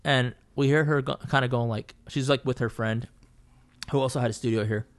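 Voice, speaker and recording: A man in casual podcast chat, telling a story from his painting days at a mid-range pitch. He rambles along, swears often, and keeps circling back to restart his sentences. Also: fairly even intonation, fairly quick. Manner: profane, rambling, full of fillers and restarts.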